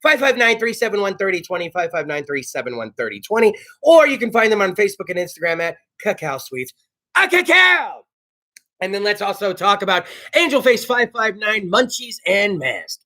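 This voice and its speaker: A high, bright-voiced man hosting a loose talk show, shouting out sponsor plugs with swearing and excitable energy. His pitch jumps all over the place, and his tone stays sharp and forceful. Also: vocal fry. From South Texas. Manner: loud, excitable and profane, bursting into shouts.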